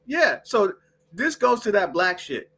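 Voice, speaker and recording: A woman's voice: medium pitch, unhurried, breathy edge. Woman podcast host ranting, voice swoops up and down a lot, cusses nonstop. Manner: profane, animated storytelling rant. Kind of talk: casual heated chat.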